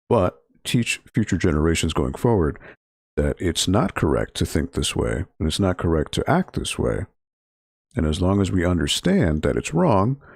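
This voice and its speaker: A man hosting a relaxed library game stream, talking to viewers in a low-energy, monotone way with frequent restarts. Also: creaky, slightly rough, dry recording, clean studio sound. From Connecticut, US. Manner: restarts and filler words. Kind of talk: casual chat with stream viewers.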